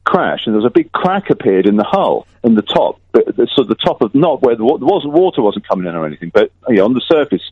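A man's voice: mid-range voice, sing-song, quick pace, few pauses, husky, dry recording. A man calling in to a radio show, telling a rambling story casually with many restarts. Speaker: caller. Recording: tinny phone line.

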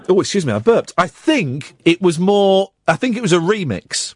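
A man hosting a radio show chats casually and animatedly, rambling and stumbling through restarts. He has a high voice and a moderate pace, recorded in studio quality with no echo.

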